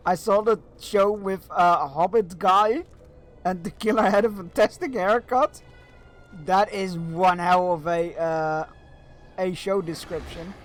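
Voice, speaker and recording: A man's voice: high voice, steady tone, a little slow. A man chatting casually with his viewers while he streams a video game. He rambles a bit and fills gaps with "uh". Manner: rambling and chatty, with many fillers. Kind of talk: casual chat while gaming.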